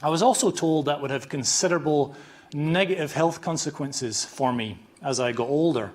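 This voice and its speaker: A man's voice: on the high side, moderate pace, a little mellow. A man with a scratchy voice and a Northern Irish accent, giving an informal, self-deprecating conference lecture in a hall, restarting his sentences often. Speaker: conference speaker, chiropractor.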